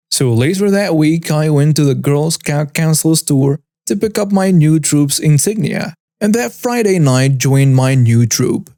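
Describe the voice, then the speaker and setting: A man reads online stories aloud in a wry, even way. His voice is mellow and dark but sits slightly high, recorded dry and close. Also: no echo. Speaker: narrator. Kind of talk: scripted narration of online stories.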